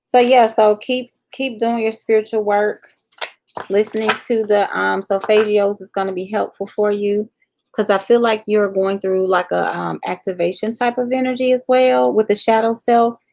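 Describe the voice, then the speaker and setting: A woman's voice: mid-range voice, fairly even intonation, moderate pace, vocal fry, a little mellow, poor audio. A woman hosting a live tarot reading, chatting casually and speaking straight to viewers by name.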